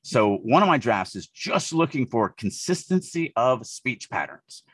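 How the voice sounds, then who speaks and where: A man from the Deep South, co-hosting a podcast and talking through writing edits in an animated way, often restarting his sentences. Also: a little slow, breathy edge, no echo. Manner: animated, thinks aloud with frequent restarts. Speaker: podcast co-host, writing editor. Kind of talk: casual podcast discussion.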